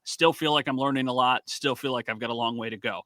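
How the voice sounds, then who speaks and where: A man's voice: medium pitch, fast, no room sound. A man co-hosting a sports podcast, chatting casually and telling stories animatedly, acting out the quotes. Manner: animated storyteller, acts out quotes. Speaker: podcast co-host and sports reporter.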